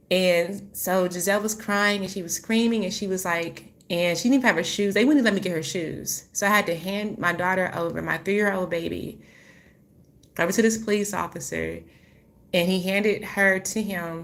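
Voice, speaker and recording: A woman with a lowish voice tells her own story straight to the camera. She speaks in an emotional, halting way, with frequent restarts and many "like"s. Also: steady tone. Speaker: spiritual healing vlogger.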